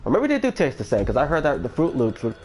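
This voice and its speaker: Over faint background music, a man from Florida chats on a casual livestream in a medium-pitched, darkish voice, talking fast with wildly swooping pitch. He rambles and hesitates, meandering through lots of fillers and restarts.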